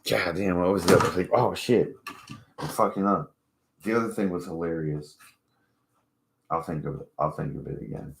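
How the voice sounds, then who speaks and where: Man, very deep voice, rambling, profane, mocking, casual vlog rant. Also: normal speed, vocal fry, long pauses, a little hiss or hum. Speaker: channel host.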